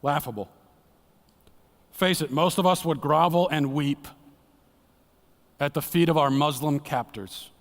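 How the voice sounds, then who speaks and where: Earnest preacher with a reverberant church sound. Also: male voice, measured pace, long pauses. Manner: earnest, dramatic, drops to a hushed low voice for emphasis. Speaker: guest speaker at church. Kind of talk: sermon. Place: church sanctuary. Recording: long church hall reverb.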